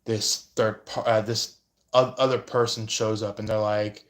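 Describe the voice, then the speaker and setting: A man's voice: fairly low pitch, flat delivery, measured pace. A man giving a casual astrology reading and responding to viewer comments, talking hesitantly with many fillers. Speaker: astrology and tarot reader.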